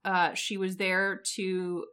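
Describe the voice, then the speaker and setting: A woman co-hosting a podcast, casually recapping an episode in a relaxed storytelling way. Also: lowish voice, slow, clear, resonant tone. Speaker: podcast co-host. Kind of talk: casual chat, recapping a show.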